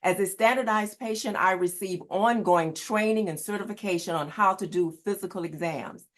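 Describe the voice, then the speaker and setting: A woman's voice: mid-range voice, normal speed. A woman who works as a standardized patient, giving an earnest, emphatic prepared presentation. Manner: earnest, emphatic, repeats key words.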